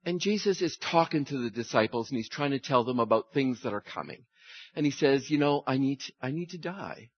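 Animated man preaching a sermon. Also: brisk, slightly rough, dry recording, dull audio. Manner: animated storytelling, acting out voices with big pitch jumps. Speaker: pastor. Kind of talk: Easter sermon.

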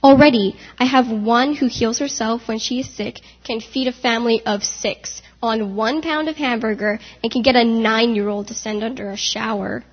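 The Lord as a proud, eager male creator, read by a woman in a church stage reading. The voice sits fairly high and the delivery is brisk and emphatic. It is captured as a dull recording with a long echo from a hall. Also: steady tone, lightly acted. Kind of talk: church readers' theater.

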